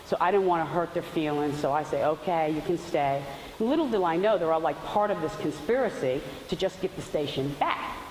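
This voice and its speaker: A woman's voice: sits low, expressive, fairly quick, darkish tone. A woman giving a chatty faith testimony, telling stories with loose asides. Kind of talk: storytelling testimony talk. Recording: roomy hall with faint hiss.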